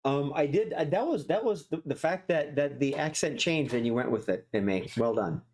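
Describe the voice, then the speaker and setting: A man hosting a short-form improv comedy show, announcing games and anchoring a mock newscast. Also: moderate pace. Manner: lively, leaps up in pitch when excited.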